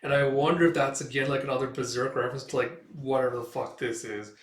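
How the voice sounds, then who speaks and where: A man's voice: mid-range voice, steady tone, fast, echoey room, far from the mic. A man reading a manga aloud and chatting about it in a rambling, casual way, swearing often. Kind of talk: casual reaction commentary.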